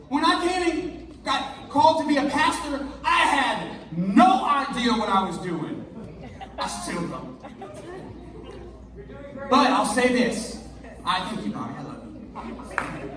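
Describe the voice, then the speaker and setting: A male pastor preaching a sermon in an energetic, conversational, jokey way, recorded in a church hall. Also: very high voice, slow pace, pauses often, crowd noise. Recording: echoey hall, mic far off.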